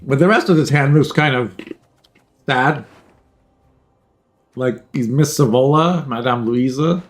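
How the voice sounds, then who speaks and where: A man casually commentating a card game tournament over a headset, joking and rambling, often clearing his throat. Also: medium pitch, unhurried, faint music behind. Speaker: tournament caster.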